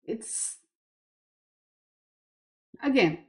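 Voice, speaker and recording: A woman tarot reader retelling a myth to explain a card's image, unhurried and full of asides.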